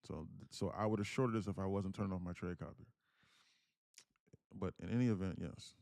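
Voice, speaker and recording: A man's voice: fairly quick, creaky, darkish tone, no echo, studio quality. A young man streaming live as a day trader, talking through his trades and chatting with his viewers. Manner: chatty, thanks viewers, switches to a higher put-on voice when reading comments. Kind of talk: live trading commentary.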